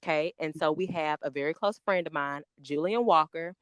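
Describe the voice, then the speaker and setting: A woman, chatting as a guest on a podcast, excitable and talkative, spelling out names letter by letter. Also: low voice, brisk, smooth, no echo. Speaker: podcast guest, makeup artist. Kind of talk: casual podcast chat.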